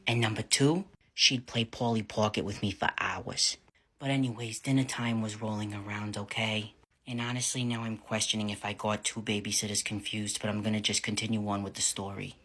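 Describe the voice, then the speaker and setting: A man from New Hampshire with a New England accent, telling casual storytime tales in a wry, profane way that grows louder and more animated. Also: lowish voice. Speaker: vlogger.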